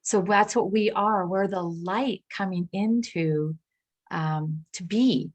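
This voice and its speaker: A woman minister giving a reflective spiritual talk, gentle and searching, with pauses and restarts. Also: medium pitch.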